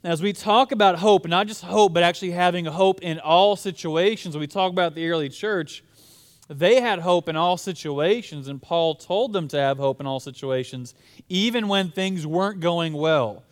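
A man's voice: high-pitched, normal speed. A young man preaching a sermon in a casual, storytelling way. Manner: casual, storytelling, conversational with fillers. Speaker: pastor.

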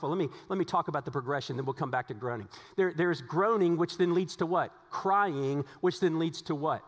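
A man's voice: on the high side, in a large hall. A man preaching a sermon as pastor, earnest and repetitive, asking his congregation rhetorical questions.

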